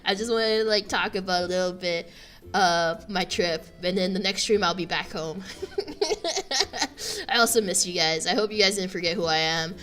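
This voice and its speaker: A young woman from Canada chatting casually on a livestream, giggly and full of fillers, often bursting into high laughter, in a room with a buzzing air conditioner. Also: fairly even intonation, fairly quick, fairly bright tone. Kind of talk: casual stream chat.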